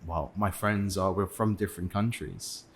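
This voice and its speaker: There's a breathy edge to this young English podcast guest's low voice, and he keeps a moderate pace. His casual interview chat is loose, with many fillers and restarts.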